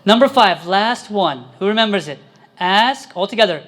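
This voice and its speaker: A man's voice: high voice, animated, normal speed, fairly bright tone, a little hiss or hum. A man preaching a sermon as a priest, quizzing his congregation and pressing his points with emphasis.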